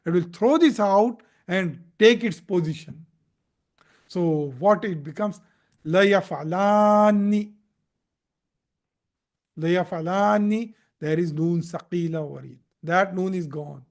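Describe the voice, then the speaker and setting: A man's voice: high-pitched, unhurried, darkish tone. A man teaching Arabic grammar in a live recorded lesson, patiently explaining and repeating verb forms, sometimes stumbling over them.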